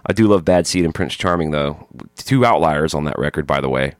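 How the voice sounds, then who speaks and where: Low-voiced podcast guy, super animated, reading emails and cracking jokes, dry close sound. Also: brisk, no room sound. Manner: joking, reads listener emails and lists aloud. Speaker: podcast co-host. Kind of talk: casual chat.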